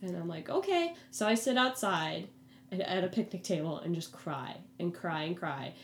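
A young adult woman casually telling a personal story, animated and acting out the voices of others. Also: on the low side, moderate pace. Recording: echoey room with faint hum.

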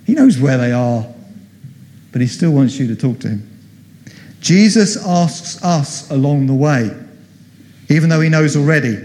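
A man's voice: on the high side, animated, normal speed, a little mellow. A middle-aged man preaches in a church hall, his slightly raised voice ringing with long reverb. He tells the story with animation and slips into the voices he quotes. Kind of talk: sermon.

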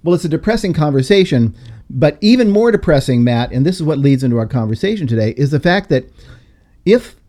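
Guy hosting a podcast, warm mellow voice, leans hard on his points. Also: on the high side, lively intonation, fairly quick. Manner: emphatic, lecturing. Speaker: podcast host. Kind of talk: casual podcast discussion.

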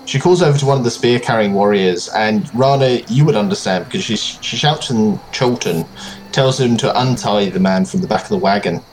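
Calm man running a tabletop game. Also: on the low side, fairly quick, a little hiss or hum. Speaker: game master.

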